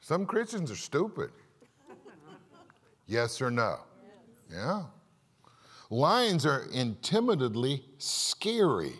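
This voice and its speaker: A male pastor giving an animated sermon in church, asking the congregation questions and acting out stories. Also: mid-range voice, takes it slowly, long pauses, breathy edge. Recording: long reverb of a large hall.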